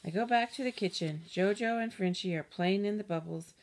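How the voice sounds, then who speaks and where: A woman reading a children's picture book aloud in an expressive, animated storytelling voice. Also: medium pitch, brisk, background noise. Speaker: storybook reader.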